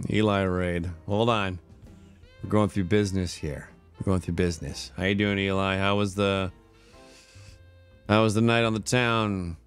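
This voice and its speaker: A man's voice: low-pitched, clean tone. A man hosting a casual live stream, tired but upbeat and chatty, laughing often as he thanks subscribers one by one. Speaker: livestreamer. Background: faint background music.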